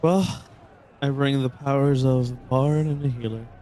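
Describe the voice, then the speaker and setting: A man playing a calm, persuasive male bard, the son of a demon lord, in a near-everyday voice. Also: mid-range voice, moderate pace, slight background noise, lightly acted. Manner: calm, persuasive, self-assured.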